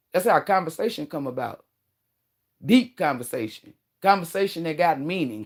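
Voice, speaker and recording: A woman in her thirties talks directly to her viewers in a casual advice monologue. Her delivery is blunt and animated, full of slang and casual swearing. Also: sits low. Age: 30s. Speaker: vlogger giving relationship advice.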